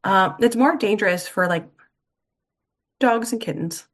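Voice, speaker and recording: A Canadian woman guesting on a podcast, telling animated stories with lots of "like" and "um" fillers. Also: medium pitch, a little slow. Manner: animated storytelling, heavy use of "like". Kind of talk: casual interview chat.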